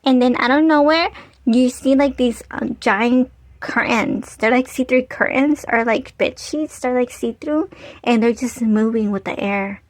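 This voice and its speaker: Give me an animated woman vlogger telling a story, chatty and casual, with a high voice. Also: a little slow, dry recording. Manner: animated storyteller, many "like" fillers. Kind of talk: storytime vlog.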